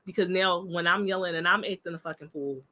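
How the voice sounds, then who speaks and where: A woman on a podcast, telling stories in a lively, emphatic way in casual chat. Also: fairly low pitch, fast, low-quality recording. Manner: animated, emphatic storytelling. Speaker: podcast guest discussing relationships.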